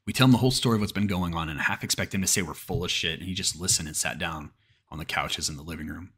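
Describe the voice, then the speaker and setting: Deep husky man telling a horror story. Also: rapid-fire, fairly bright tone. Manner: profane, restarts mid-sentence. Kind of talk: creepypasta horror narration.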